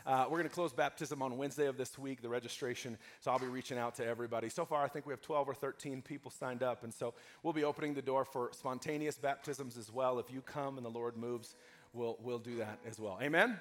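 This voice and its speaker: A man's voice: medium pitch, steady tone, fast talker. A pastor preaching to his congregation during a church service, emphatic and calling out for amens between points. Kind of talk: live sermon with announcements.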